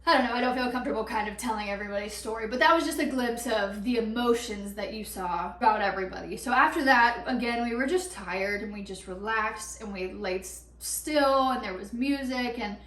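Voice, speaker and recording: A young woman telling a story in a casual vlog, chatty and animated, with lots of "like" and quick laughs. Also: on the high side, recorded from a distance. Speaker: vlogger. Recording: echoey room, a bit off-mic.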